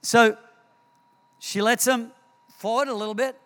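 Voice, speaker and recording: A man preaches and tells stories, acting out scenes and repeating words as he goes. His voice sits high and sounds bright and crisp. The long reverb of a church hall trails after each phrase. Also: a little slow. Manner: animated storytelling, repeats words, acts out scenes. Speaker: pastor. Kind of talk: sermon.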